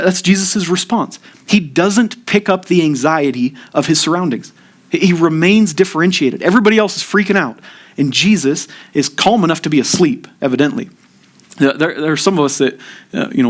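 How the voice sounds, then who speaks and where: Earnest male pastor preaching a sermon. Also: a little high. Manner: earnest, repeats opening words when starting sentences. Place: church.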